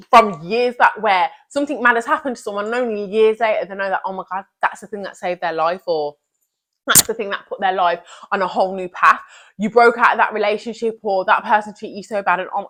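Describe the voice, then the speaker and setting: A woman's voice: medium pitch, fairly bright tone. A young woman giving an earnest, emphatic motivational talk as a vlogger, repeating her key phrases.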